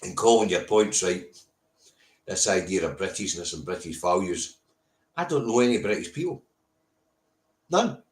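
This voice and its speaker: Low-voiced Scottish man, blunt and sweary. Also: animated, normal speed, long pauses. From Scotland. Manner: blunt, sweary, reading out viewers' comments. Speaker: live stream host. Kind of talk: casual live-stream talk. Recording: roomy echo.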